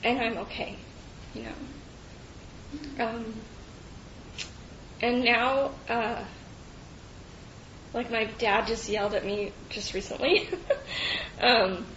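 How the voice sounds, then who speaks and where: Slow, halting woman sharing at a meeting. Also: fairly bright tone. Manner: halting, with frequent fillers and restarts; laughs often between phrases. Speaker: recovery meeting speaker. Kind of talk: personal share at a recovery meeting. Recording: echoey, dull meeting-room recording with faint rumble.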